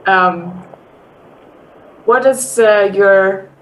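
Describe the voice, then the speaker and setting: A woman's voice: mid-range voice, extremely slow, fairly bright tone, poor audio. A woman interviewing a guest for a radio station, casual and giggly, laughing often between questions.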